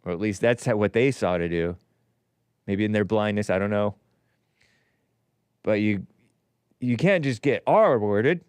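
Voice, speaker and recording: A man's voice: fairly low pitch, animated, a little slow, pauses often, a little mellow, smooth, no echo. A man hosting a call-in talk show, rambling and combative, laughing at his own jokes.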